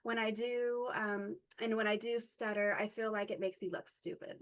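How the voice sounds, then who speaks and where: A woman in her forties giving a personal reflective talk, halting often with ums and correcting herself mid-sentence. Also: mid-range voice, fairly even intonation. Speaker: guest speaker.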